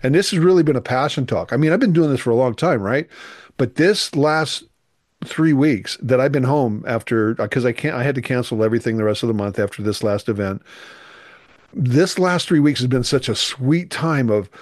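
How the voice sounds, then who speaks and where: A man's voice: medium pitch, animated, moderate pace, no room sound, studio quality. A middle-aged man, a youth minister, telling an emotional personal testimony in an earnest, emphatic way. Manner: earnest, emphatic, voice rising with feeling.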